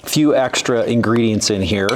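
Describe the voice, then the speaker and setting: A man's voice: fairly low pitch, normal speed, slight background noise. A man hosting a show with his wife, joking playfully while they make a recipe and talk about books. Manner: joking, playful, talks with his mouth full. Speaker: host. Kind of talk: casual cooking and book chat.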